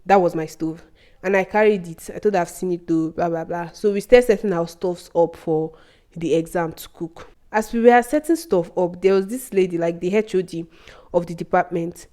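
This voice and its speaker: A young woman telling a personal story to her viewers, animated, often laughing, her voice leaping up when she quotes herself. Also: lowish voice, moderate pace. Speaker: vlogger. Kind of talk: casual storytelling.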